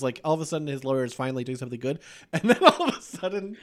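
A man's voice: mid-range voice, big pitch swings, very fast, a bit bright. A man hosting a podcast, chatting casually about horror movies and laughing often as he retells scenes. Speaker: podcast host. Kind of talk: casual movie review chat.

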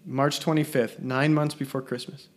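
A man's voice: mid-range voice, level tone, moderate pace. A man hosting a casual chat, quizzing his co-host and teasing him with dry humor.

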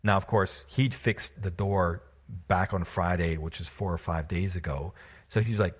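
A man's voice: low voice, normal speed, slightly rough. A man who is the game master, recapping a tabletop session in a casual, rambling, self-deprecating way.

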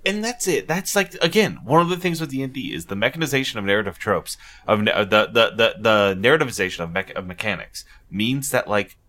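A man on a casual podcast talking quickly, stumbling over his words as he works through ideas. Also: lowish voice, lively intonation, a bit bright. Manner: fast, stumbling, analytical.

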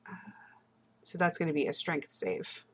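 A woman with a fairly low voice plays a tabletop game, pausing with ums as she describes her moves and rules. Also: very animated, a little hiss or hum. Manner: hesitant, many ums, explains rules. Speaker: player.

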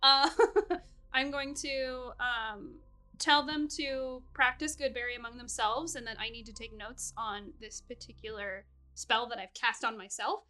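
A woman playing in a tabletop game, describing her character's actions in an animated, giggly way. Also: on the high side, measured pace. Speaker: player. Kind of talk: casual tabletop play.

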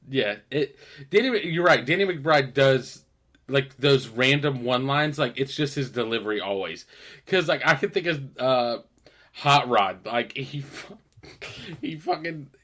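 A man co-hosts a podcast, chatting casually, swearing, laughing, and acting out scenes from shows. His voice is medium in pitch, unhurried, with a pushed, bright quality.

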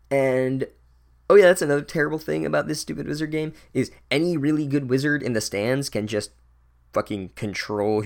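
A man's voice: mid-range voice, vocal fry. Sarcastic man ranting about a book. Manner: sarcastic, exasperated, profane. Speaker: book reviewer. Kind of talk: comedic book recap monologue.

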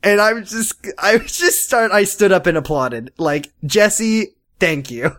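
Young male co-host, high-ish lively voice, jokey and laughing. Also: normal speed. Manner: jokey, animated, breaks into laughter. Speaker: podcast co-host. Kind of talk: casual recap chat.

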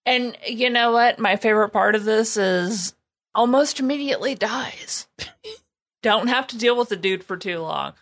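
A woman's voice: fairly high pitch, unhurried, a bit bright. A woman co-hosting a podcast, chatting casually in a blunt, opinionated way with frequent laughs. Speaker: podcast co-host.

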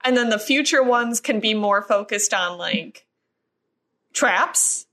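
A woman's voice: medium pitch, lively intonation, slow, pushed and bright. A woman co-hosting a casual film chat, playful and easily amused. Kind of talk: casual chat about films.

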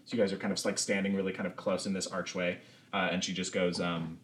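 A man narrating as game master in a tabletop game, relaxed and full of fillers. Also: low voice, quick pace, a little hiss or hum.

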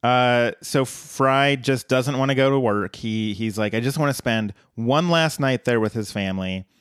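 A man's voice: medium pitch, moderate pace, smooth, no echo. A man co-hosting a podcast, recapping an episode in casual, dry chat. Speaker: podcast co-host.

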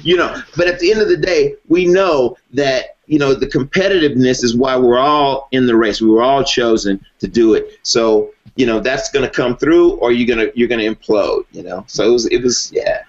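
A man guesting on an interview, speaking at a mid-range pitch. He talks in a measured, easygoing way, leaning on "you know" as he explains. The recording is dull and lo-fi. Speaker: guest, former reality race contestant. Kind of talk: conversational interview.

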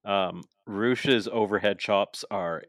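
A man's voice: on the low side, slow pace, no echo, clean studio sound. A man co-hosting a casual podcast, telling stories eagerly, acting out quotes and swearing freely. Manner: excited storyteller, swears freely, acts out quotes. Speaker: podcast co-host. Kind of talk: casual wrestling chat.

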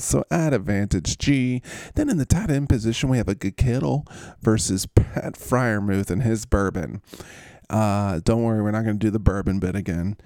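A man's voice: on the low side, dark tone, no room sound, clean studio sound. A man hosting a podcast in casual, rambling chat, full of jokes, puns and running bits. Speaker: podcast host.

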